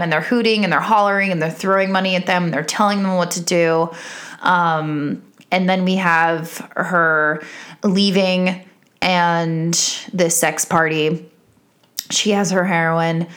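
Brief: woman vlogger, fairly low voice, chatty film recap full of ums and self-corrections. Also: fairly bright tone. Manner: rambling, many fillers and restarts, checks her notes. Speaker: film reviewer. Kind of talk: casual movie breakdown monologue.

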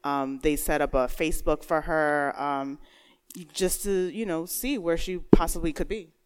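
A woman's voice: low voice, measured pace, clear, resonant tone. A woman co-hosting a true crime podcast, chiming in with brief agreeing replies and giggling now and then, then telling part of the case herself. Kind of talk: casual chat.

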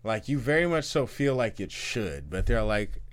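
A man in a casual gaming conversation, expressive and swearing freely with frequent laughs. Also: fairly low pitch, moderate pace.

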